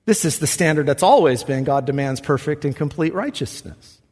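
A man's voice: a little high, lively intonation, moderate pace, darkish tone, slightly rough, in a large hall. A man preaching a sermon as pastor, earnest and conversational, acting out quoted voices as he goes.

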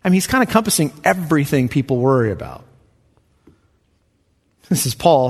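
A male pastor preaching a sermon, emphatic, his voice surging loud and then dropping to a hush. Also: fairly high pitch, big pitch swings, brisk, vocal fry, pauses often, slightly rough. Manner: emphatic, swinging from loud rises to hushed drops. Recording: reverberant hall.

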